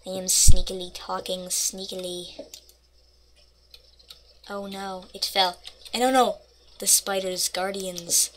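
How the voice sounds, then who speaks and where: Woman, gameplay commentary, bright, unhurried, faint keyboard clicks behind; playful and mock-dramatic. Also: medium pitch, flat delivery, a little hiss or hum. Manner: playful, mock-dramatic narration, rambling asides. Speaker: gaming channel host.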